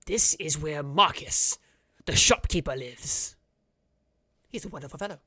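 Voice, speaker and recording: A game master voicing a small, battle-hardened male frog guard who gives tours in a soft, hesitant way. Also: medium pitch, big pitch swings, slow, no echo, clean studio sound. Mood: hushed.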